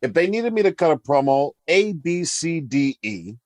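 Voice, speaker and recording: Man telling a lively backstage story. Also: on the high side, normal speed, no room sound. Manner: animated anecdote-telling, acts out quotes, laughs often. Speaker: podcast guest. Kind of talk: casual storytelling.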